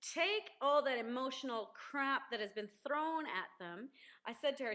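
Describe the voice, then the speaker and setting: High-voiced earnest mom on a webcam. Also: female voice, animated, normal speed, fairly bright tone. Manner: earnest, preachy, repeats key phrases. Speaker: parent vlogger. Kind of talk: casual parenting advice talk.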